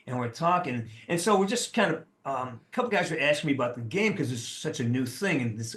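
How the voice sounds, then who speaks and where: A man in his sixties, an actor guest telling a lively, profane anecdote and acting out the people in it. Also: a little high, brisk, few pauses. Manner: animated, profane, acts out the people in his stories. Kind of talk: casual storytelling anecdote. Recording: roomy echo.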